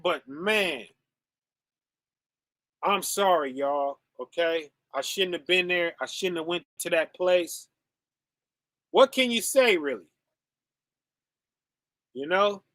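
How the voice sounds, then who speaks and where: A man's voice: sits high, sharp tone, dry recording, studio quality. A man hosting a show, giving preachy commentary full of rhetorical questions and "okay?" tags. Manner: emphatic, peppers lines with "okay?" and "right?". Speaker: podcast host.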